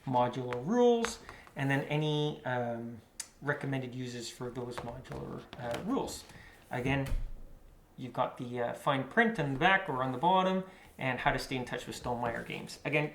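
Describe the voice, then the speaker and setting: A man's voice: mid-range voice, normal speed, fairly bright tone. A man giving casual, rambling commentary while unboxing a board game, with lots of fillers and asides. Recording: echoey room with faint noise.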